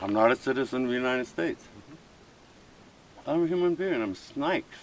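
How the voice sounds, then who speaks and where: A man's voice: mid-range voice, expressive, normal speed, a little hiss or hum, rough recording. A man, a First Nations chief, arguing with police in a heated face-to-face exchange, impassioned and pleading, repeating his points over and over. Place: outdoor protest camp.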